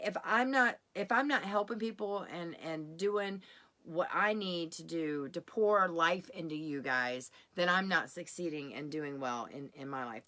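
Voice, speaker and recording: A woman's voice: medium pitch, pushed and bright. A middle-aged woman hosting a live keto workshop, chatty and encouraging, greeting viewers by name as she talks. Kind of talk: casual livestream chat.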